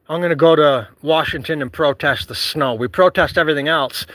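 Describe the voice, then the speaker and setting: A man from Michigan vlogging casually, rambling and joking with loud whoops. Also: on the high side, a little fast. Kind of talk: casual outdoor vlog chat.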